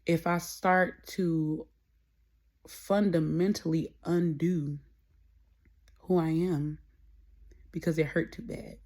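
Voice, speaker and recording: A young adult woman hosts a podcast solo, talking candidly in a rambling, conversational way. Her voice sits low and is a little mellow, with fairly even intonation, a slow pace and frequent pauses.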